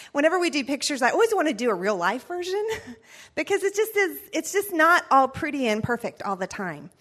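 Middle-aged woman, high and expressive, animated church-class storyteller. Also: fairly quick. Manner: chatty, animated, laughs often. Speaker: church parenting class speaker. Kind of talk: storytelling talk.

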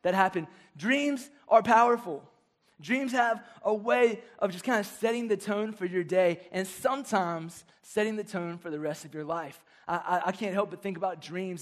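A man in his thirties preaching a sermon to young people, telling funny personal stories in an animated way. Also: high voice, a little fast. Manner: animated storytelling with jokes. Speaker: youth pastor.

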